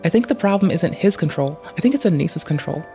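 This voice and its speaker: A man's voice: fairly high pitch, lively intonation, quick pace, warm tone, soft background music. A man streaming live, reacting to a clip with profane, ranting commentary.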